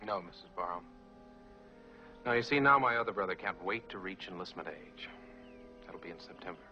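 An actor playing a cynical wartime officer who argues in a cutting, measured way, heard from an old film soundtrack. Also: male voice, low-pitched, dull audio, soft background music. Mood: bitter, earnest. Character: bitter, cynical wartime American officer, man. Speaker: film character. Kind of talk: 1960s film drama.

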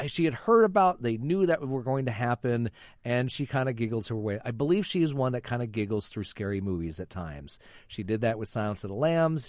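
A man's voice: medium pitch, a little mellow, dry recording, studio quality. A middle-aged man hosting, telling stories in a rambling, self-interrupting way with chuckles. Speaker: host. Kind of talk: casual chat.

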